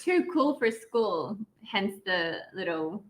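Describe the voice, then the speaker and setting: A woman's voice: medium pitch, very animated, slow. A woman joining a live chat as a guest by video call, telling a story and laughing often. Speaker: church member and guest.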